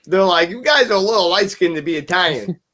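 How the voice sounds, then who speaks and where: A man hosting an interview show, casual and teasing, throwing out jokes and quick banter. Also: sits high, lively intonation, sharp tone. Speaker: show host.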